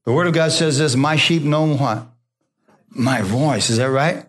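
Fervent man preaching a sermon. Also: measured pace. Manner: call-and-response preaching, asking the congregation for amens; drops low and soft for God's voice, rises for emphasis. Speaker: pastor.

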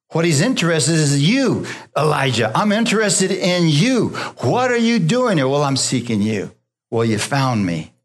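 Male pastor in the pulpit, slightly higher voice, preaching with call-and-response. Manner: call-and-response preaching, asking the congregation for amens; drops low and soft for God's voice, rises for emphasis. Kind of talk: sermon.

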